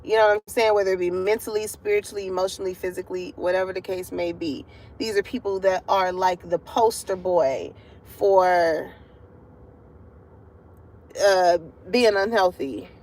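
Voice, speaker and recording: A woman's voice: on the low side, normal speed, a little mellow. A woman giving a casual tarot reading to her viewers from a parking lot, chatty and profane, breaking into laughter often. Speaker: tarot card reader.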